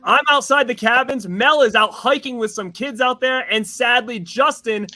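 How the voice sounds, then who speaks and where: A man hosting a live stream from outdoors at night, excitable and calling out shout-outs to the chat. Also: very high voice, moderate pace. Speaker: host.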